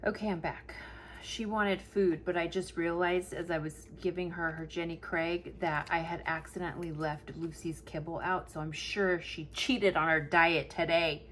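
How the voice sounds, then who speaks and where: A woman's voice: lowish voice, steady tone, moderate pace, a bit bright, slight background noise. A middle-aged woman vlogging in a casual, chatty way, telling a long family story and acting out what everyone said, with lots of "like". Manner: peppers speech with "like". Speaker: planner vlogger. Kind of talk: casual chat while planning.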